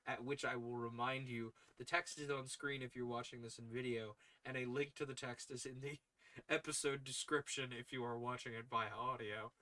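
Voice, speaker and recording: A man's voice: mid-range voice, pushed and bright. A man hosting a story-reading podcast stream, chatting casually and playfully between readings and teasing his cats. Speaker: podcast host reading old stories aloud. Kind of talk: casual chat on a live stream.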